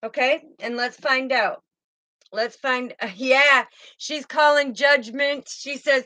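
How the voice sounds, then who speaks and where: Woman doing a tarot reading, high voice, calls everyone sweetheart, dry close mic. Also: steady tone, takes it slowly, bright, forceful tone, dry recording, low-quality recording. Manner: soothing, calls viewers sweetheart and baby girl. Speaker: tarot reader.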